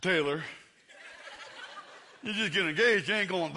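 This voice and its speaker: Pastor, 50s, high voice, tells stories for laughs and plays out every scene. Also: male voice, animated, fairly quick, long pauses, sharp tone. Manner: comic storytelling, acts out scenes. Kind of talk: sermon. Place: church.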